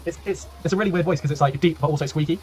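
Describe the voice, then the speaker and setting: Fast-talking man casting a stream. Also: on the high side, a little mellow, slight background noise. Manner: chatty, laughing, rambling, swears, reads chat aloud. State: voice tiring, clearing throat often. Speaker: game caster and streamer. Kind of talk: casual live-stream commentary.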